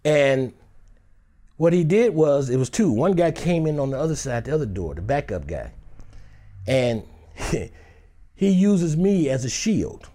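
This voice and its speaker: A man's voice: on the high side, a little slow, long pauses. A male actor from Detroit telling a dramatic personal story in a chat and acting out every voice. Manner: animated, acts out every voice in the story.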